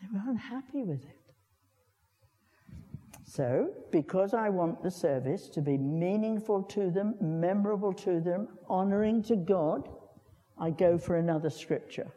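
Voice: medium pitch, lively intonation, a little slow, dark tone. An older preacher gives a chatty sermon, repeating words and putting questions to the congregation. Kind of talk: conversational sermon. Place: church. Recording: long church reverb.

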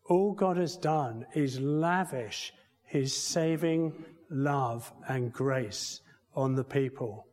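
A man with a somewhat high voice preaches in an easy, conversational way, often repeating himself and posing rhetorical questions. He speaks in a church, and his voice trails off in a long reverb. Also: a little mellow. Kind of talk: sermon.

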